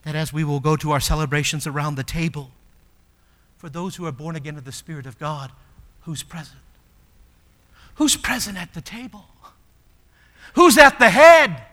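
High bright-voiced pastor preaching, goes quiet then loud, big church echo. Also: male voice, normal speed, pauses often. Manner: swings from soft and low to loud and emphatic. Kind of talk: sermon. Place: church sanctuary. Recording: long hall reverb.

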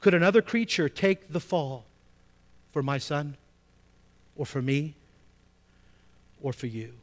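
A man preaching a sermon as a pastor, emphatic, repeating key phrases and swinging between soft asides and loud stresses. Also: a little high, animated, slow.

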